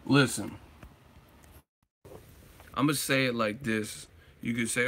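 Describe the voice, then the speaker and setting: Man, live-stream host, casual commentary, emphatic profane rant, mid pitch, music playing behind. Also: steady tone, measured pace, long pauses. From United States. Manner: emphatic, profane, rhetorical ranting.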